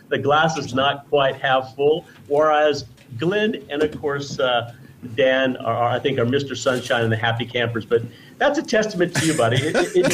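A man's voice: on the high side, a bit bright, a little hiss or hum, poor audio. A man, a guest on a radio show, chatting casually and effusively, rambling with restarts and praise. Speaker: guest presenting T-shirts.

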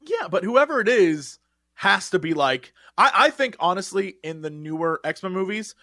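A man with a high, very lively voice talks through a casual podcast chat, recorded close and dry with no room sound. He keeps breaking off and restarting his sentences in an animated way. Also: normal speed, no room sound. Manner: animated, trails off and restarts mid-thought. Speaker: podcast co-host. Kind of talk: casual pop-culture chat.

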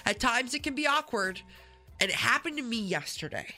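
Bright-voiced woman radio host. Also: a little high, fairly quick, soft background music. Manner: animated storytelling, frequent restarts. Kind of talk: casual on-air chat. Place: radio studio.

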